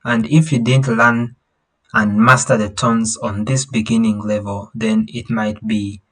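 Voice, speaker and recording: A man teaching an online language class at an unhurried, drawn-out pace. He explains patiently, repeats himself, and sings out long vowels to show how each tone rises or falls. He often pauses, restarts and hunts for words. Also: lowish voice, little pitch movement, a bit bright, low-quality recording. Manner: halting, with many fillers and restarts. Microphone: video call.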